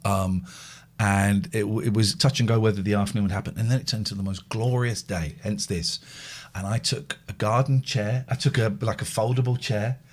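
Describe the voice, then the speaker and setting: A man's voice: lowish voice, fairly even intonation, moderate pace. A middle-aged man hosting a live phone-in show, telling rambling anecdotes in a chatty way. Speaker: radio phone-in host. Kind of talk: casual live chat.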